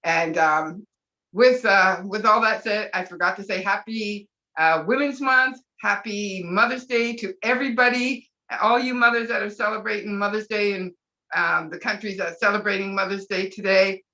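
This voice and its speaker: A woman's voice: medium pitch, normal speed. Gushing woman on a lo-fi call. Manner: gushing and excitable, breaking into whoops. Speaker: brand ambassador. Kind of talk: excited live webinar talk.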